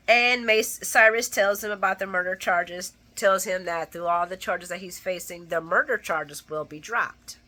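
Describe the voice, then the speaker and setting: A woman hosting a casual soap opera recap, animated and blunt, laughing often and acting out the characters' lines. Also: medium pitch, normal speed, hardly any pauses. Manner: blunt and profane. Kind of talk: casual spoken episode recap.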